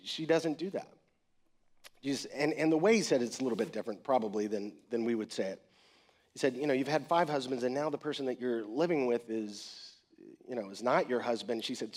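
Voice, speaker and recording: Man, preacher, sermon, conversational, middle pitch, acts out quotes. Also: a little fast. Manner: conversational, animated retelling with acted quotes.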